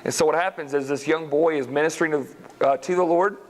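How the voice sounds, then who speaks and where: Brief: higher-voiced male Bible teacher, lively, chatty storyteller. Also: a little fast, poor audio. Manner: lively storytelling, acts out characters, talks to class directly.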